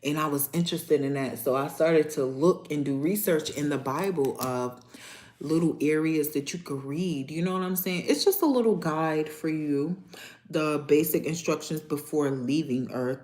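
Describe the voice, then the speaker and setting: Low-voiced New York woman chatting live. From Niagara Falls, New York. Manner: loud, playful, street slang, swears freely. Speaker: livestream host. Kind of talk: casual livestream chat answering viewers.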